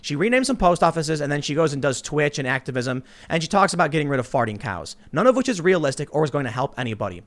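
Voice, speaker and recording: A man's voice: fairly high pitch, big pitch swings, a bit bright. A man hosting a political talk show, arguing his points emphatically and interrupting his guests. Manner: fast, emphatic, argumentative, interrupts. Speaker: host. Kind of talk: political panel debate.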